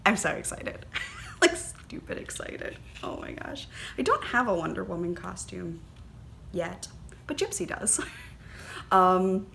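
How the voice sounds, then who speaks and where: A woman chats casually on her knitting podcast, gushing about her finds with lots of ums and small gasps of delight. Her voice sits a little low for a woman. A faint hiss of background noise sits under the recording. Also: expressive, measured pace, fairly bright tone. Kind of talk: casual chat.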